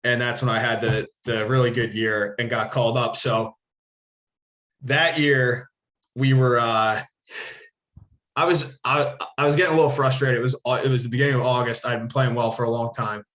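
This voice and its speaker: Man from the Philly area, mid-pitch voice, loose and profane, rambles and restarts mid-sentence. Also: steady tone, moderate pace, fairly bright tone. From Philadelphia area. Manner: rambling, profane, self-correcting. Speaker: podcast co-host, former ballplayer. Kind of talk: casual storytelling.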